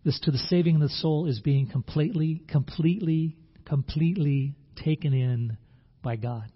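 A man's voice: a little high, normal speed, breathy edge. A man preaching a sermon as pastor, earnest, often repeating words and restarting phrases. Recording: dull lo-fi sound.

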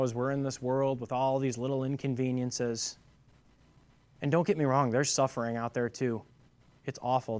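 A man giving a sermon as a pastor, moving from quiet reflection to loud, emphatic preaching full of rhetorical questions. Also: medium pitch, dry recording.

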